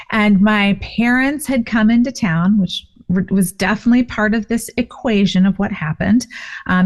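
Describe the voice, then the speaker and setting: A woman in her fifties, a guest author and parent, telling a personal story in a casual interview with an animated, expressive delivery. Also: medium pitch. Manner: animated, expressive retelling with frequent fillers.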